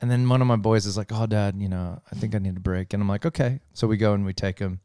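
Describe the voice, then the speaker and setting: A middle-aged man, chatting casually and telling an animated story, swearing freely and laughing as he goes. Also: lowish voice, fast, clean tone, no room sound, studio quality. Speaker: podcast co-host telling a story. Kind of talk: casual chat.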